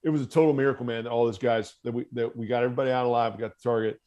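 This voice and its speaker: A man's voice: medium pitch, fairly even intonation, racing, a little mellow. A middle-aged American man, a former Marine officer, telling a story as a podcast guest and acting out the voices he quotes. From United States.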